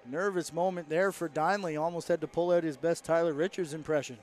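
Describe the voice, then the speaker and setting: A man calling lacrosse play-by-play, following the action quickly and lifting his voice as plays develop. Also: a little high, fairly even intonation. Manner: rapid play-by-play, rising with the action. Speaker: play-by-play commentator. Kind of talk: sports commentary.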